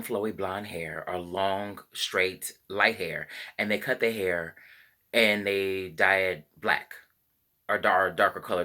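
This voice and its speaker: A film reviewer talks casually about a movie, rambling with frequent fillers and correcting himself. His voice sits low with a sharp tone.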